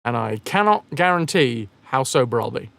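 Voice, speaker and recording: Lively, jokey streamer man. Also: mid-range voice, moderate pace, creaky, no echo. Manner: jokey, rambling, reads and answers chat. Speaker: game streamer. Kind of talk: casual live-stream chat with viewers.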